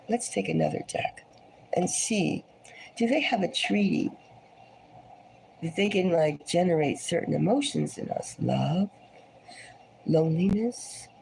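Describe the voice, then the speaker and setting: A woman giving a casual tarot reading, her voice scratchy and hoarse from a cold, rambling and dropping now and then into a whisper. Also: mid-range voice, a little mellow. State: hoarse, getting over a cold. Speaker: tarot reader.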